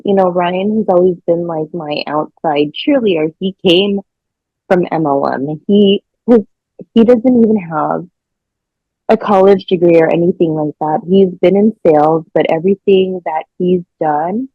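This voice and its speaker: Husky woman on a muffled call. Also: on the low side, no room sound. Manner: excited, laughing, swears casually. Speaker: guest. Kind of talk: casual storytelling.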